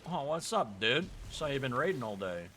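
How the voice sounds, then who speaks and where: A young man chatting casually while streaming a game, relaxed and swearing a little. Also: medium pitch, normal speed, slight background noise. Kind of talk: casual gaming chat.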